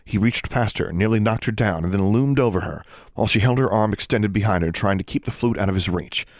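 A man narrates an audiobook in a steady, measured way, his voice sitting very low. The recording is dry and close, with no room sound. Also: dry recording.

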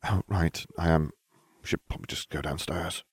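A man voicing a bossy, clever teenage girl witch in a strained high falsetto, reading a storybook. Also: fairly even intonation, moderate pace, husky, no room sound. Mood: exasperated.

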